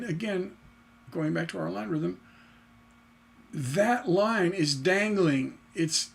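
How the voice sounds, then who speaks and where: A man teaches songwriting on a livestream with a gravelly, fry-edged voice that sits a little high for a man. He talks slowly and thinks out loud, breaking into animated chanted rhythms to make his point.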